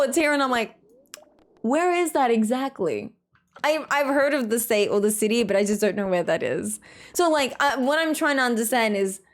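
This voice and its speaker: A young woman from Australia streaming a game, chatting casually with her chat in a rambling way, with "like" in every sentence and quick laughs. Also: fairly high pitch. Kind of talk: casual chat reading out chat messages.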